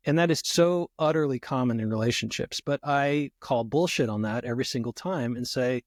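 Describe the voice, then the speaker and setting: Animated man in a dry recording. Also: mid-range voice, fairly quick, hardly any pauses, no room sound. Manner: animated, acts out quoted arguments. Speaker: therapist guest. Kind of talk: casual podcast conversation.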